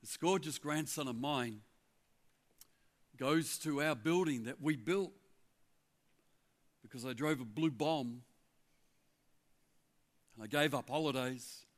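Older man, former pastor, animated sermon storytelling into a stage mic. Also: mid-range voice. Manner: animated, chatty storyteller with asides. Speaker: guest preacher, former pastor of the church. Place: church hall before a congregation.

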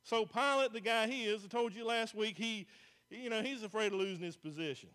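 A pastor, preaching a folksy, plain-spoken sermon to a church congregation. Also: male voice, high voice, a little fast, pushed and bright.

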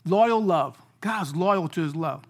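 A man preaching a sermon in a casual, slangy way, moving between loud bursts and hushed lines. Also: fairly high pitch, animated, takes it slowly.

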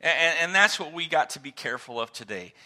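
A man preaching a sermon to his congregation in a conversational, animated way, asking questions and repeating words for emphasis. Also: a little high, fast. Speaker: pastor. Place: church sanctuary.

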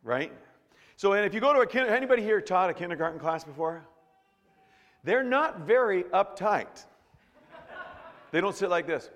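A male pastor delivers a casual, joking sermon, often stopping and restarting his sentences. His fairly high voice rings out with a long reverb in a large church sanctuary. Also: animated, moderate pace, pauses often, fairly bright tone. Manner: jokey, conversational, with many restarts.

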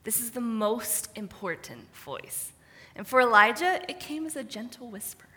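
A woman with a bright, forceful voice co-leads a sermon in a church sanctuary, with long reverb around her. She lays out her points as short lists and backs up her partner with quick affirmations. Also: on the high side, expressive. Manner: affirming, list-like delivery. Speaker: pastor. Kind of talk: co-led sermon.

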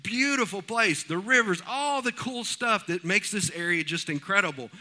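Bright-voiced pastor preaching. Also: male voice, high-pitched, normal speed. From East Texas. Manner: folksy storytelling, animated. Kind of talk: sermon.

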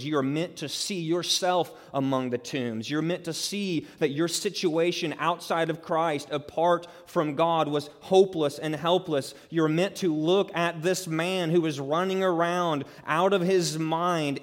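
A man preaching a sermon as pastor, emphatic and conversational, acting out quotes and building to loud peaks. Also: a little high, fairly even intonation, a little slow, hardly any pauses. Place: church sanctuary. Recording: reverberant hall.

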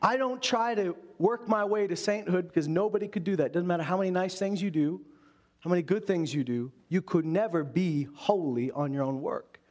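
A man's voice: sits high, normal speed. A man preaching a sermon as a pastor, earnest and full of rhetorical questions.

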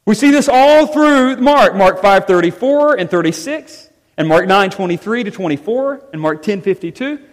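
A man preaching to his congregation with a high, lively voice that climbs and dips for emphasis. His words ring out with a long reverb through the church sanctuary. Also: normal speed, hardly any pauses. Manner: animated preaching, rising and falling emphasis. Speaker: pastor. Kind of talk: sermon.

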